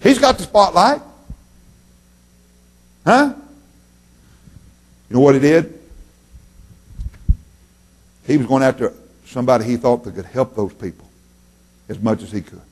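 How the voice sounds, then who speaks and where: A man's voice: mid-range voice, normal speed, pauses often, slightly rough. Folksy preacher man, rising and dropping. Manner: folksy, animated preaching with sudden loud rises and drops. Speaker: pastor. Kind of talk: sermon. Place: church.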